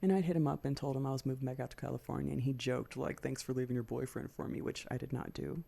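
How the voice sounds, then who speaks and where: Middle-aged female podcast host, frank and profane storyteller, gravelly low tone. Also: fairly even intonation, fast, mellow. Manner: frank and profane, acts out her own past thoughts. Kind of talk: candid personal storytelling.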